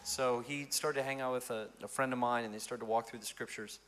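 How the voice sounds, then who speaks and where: A male pastor telling stories in an interview, in an animated and expressive way. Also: mid-range voice, a little fast, noisy background. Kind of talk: storytelling in an interview.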